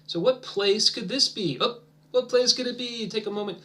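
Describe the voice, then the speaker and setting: Man, English teacher, encouraging, drawn-out speech, soft near-whispers while waiting, slightly high voice. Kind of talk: demonstration lesson for language teachers.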